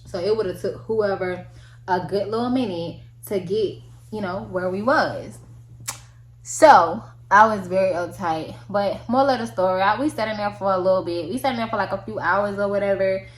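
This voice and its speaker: A young woman telling a casual storytime, slangy and animated, acting out the people in it with big jumps in pitch. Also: moderate pace. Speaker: vlogger. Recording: echoey room with faint ambience.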